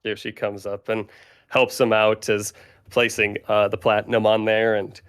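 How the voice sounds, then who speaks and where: A man narrating as game master of a tabletop game in a relaxed, rambling way. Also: lowish voice, moderate pace, smooth.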